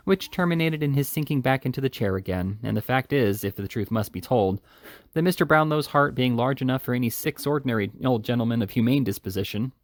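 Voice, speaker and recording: A man narrates a classic novel in an even, measured reading voice of middling pitch. A gravelly fry runs under his words, and the dry, close recording has no room sound. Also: no room sound. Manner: measured, steady reading aloud. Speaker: reader. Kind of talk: audiobook reading.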